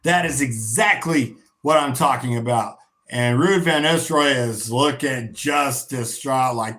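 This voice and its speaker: A man's voice: mid-range voice, measured pace. A tired man hosting a casual football watch-along livestream, calling the play, swearing freely and chanting. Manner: swears freely, bursts into shouting on goals. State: tired, yawning. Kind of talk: casual live match commentary.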